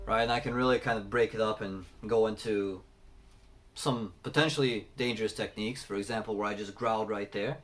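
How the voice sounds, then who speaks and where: A man teaching singing, talking through techniques and breaking into loud sung demonstrations. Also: fairly low pitch, fairly quick, faint music behind. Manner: explains then belts sung examples. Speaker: vocal coach.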